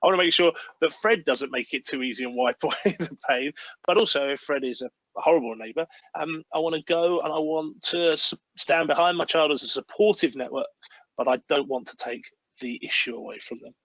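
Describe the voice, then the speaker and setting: A man's voice: on the high side, brisk, a bit bright, no room sound, lo-fi sound. A man speaking earnestly about parenting as a webinar guest, sometimes acting out little parent-child dialogues. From United Kingdom. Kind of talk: webinar talk. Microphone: video call.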